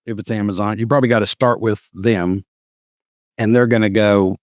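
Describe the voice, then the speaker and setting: A man's voice: lowish voice, fairly even intonation, moderate pace, no echo. Easygoing man, dry close sound. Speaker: podcast co-host. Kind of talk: casual chat.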